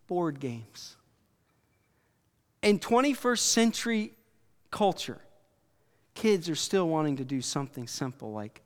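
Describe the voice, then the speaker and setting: Male pastor, middle-aged, slightly high voice, smooth and clear, chatty halting sermon, long hall reverb. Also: big pitch swings. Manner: conversational, halting, with many restarts and asides to the audience.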